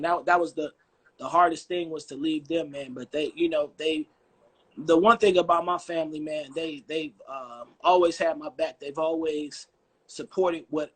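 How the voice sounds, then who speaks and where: A man from Chicago talking on a video call in a casual, animated, joking way and swearing freely. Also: on the high side, breathy edge. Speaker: guest musician.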